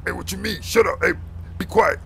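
A blustering, incompetent street cop in a comedy skit, played by a man, barking orders then fumbling and muttering to himself. His voice sits high and bright with a gravelly fry. Faint background hiss. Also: lively intonation, fairly quick, full character voice. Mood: bossy. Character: bossy, bumbling young male street cop.

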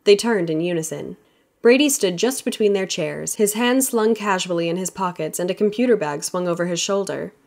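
A woman narrating a romance audiobook with steady, even storytelling. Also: on the low side, brisk, creaky. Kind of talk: scripted narration.

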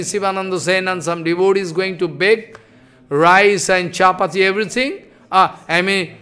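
A man, telling a devotional story in a sermon with animated, broken phrasing. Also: sits high, clean tone. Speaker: preacher.

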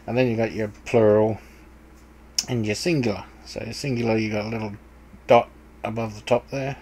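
Hesitant low-voiced man explaining scripture. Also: steady tone, moderate pace, darkish tone, slight background noise, rough recording. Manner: hesitant, with many ums and restarts; plain, conversational explaining. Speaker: Bible study video maker. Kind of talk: casual talk over a screen share.

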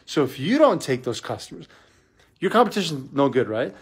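A middle-aged man, a business coach, talking in a casual live vlog, energetic and preachy, repeating himself and calling the listener "dude". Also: mid-range voice, brisk, slightly rough.

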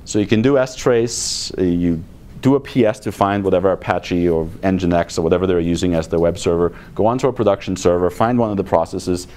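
A man's voice: on the low side, darkish tone. A man giving a technical conference talk in a blunt, exasperated manner with sarcastic asides. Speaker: conference speaker. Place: conference room.

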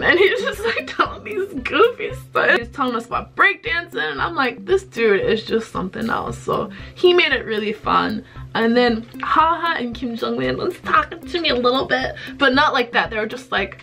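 A woman vlogger casually telling a story to the camera, chatty and animated, laughing often. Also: on the high side, brisk, soft background music. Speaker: YouTuber vlogger.

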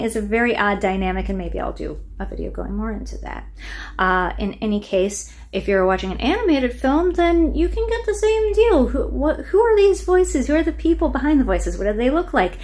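A woman's voice: medium pitch, a little mellow. Earnest, chatty woman video host. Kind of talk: casual to-camera commentary.

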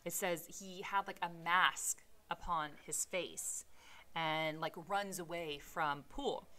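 Bright-voiced woman giving casual commentary. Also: on the low side, fairly even intonation, slow. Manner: casual, paraphrasing with fillers. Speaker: teacher reading a novel aloud. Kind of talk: reading aloud with casual commentary.

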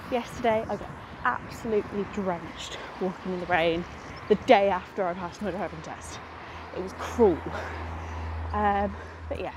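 A young woman chats to camera in a loose, rambling way, poking fun at herself as she goes. Her voice sits at an ordinary middle pitch with a faint hiss of noise behind it. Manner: chatty, rambling, self-deprecating. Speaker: book vlogger. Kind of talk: casual vlog chat.

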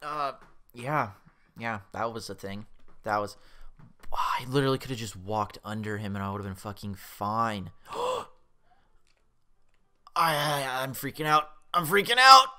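A man's voice: fairly low pitch, normal speed, clear, resonant tone. A young man commentating his own gameplay, swearing a lot and yelping when the game startles him. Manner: excitable, swears often, yelps when startled. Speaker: let's play host.

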